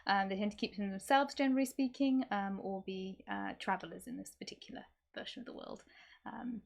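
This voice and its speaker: A woman's voice: medium pitch, steady tone, fairly quick, vocal fry. A woman running a tabletop game on a live stream, narrating casually with many ums. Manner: rambling, many ums, chatty. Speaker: game master.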